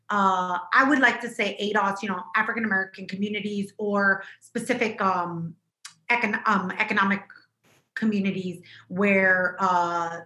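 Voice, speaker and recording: A woman co-hosting a podcast over a video call, chatting casually in an animated, emphatic way. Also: medium pitch, reverberant. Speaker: podcast co-host. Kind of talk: casual chat.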